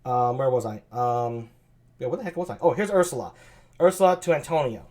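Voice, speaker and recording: A man's voice: mid-range voice, expressive, brisk, a little mellow. A man reading a play aloud on a live stream, chatty, self-deprecating and full of hesitations.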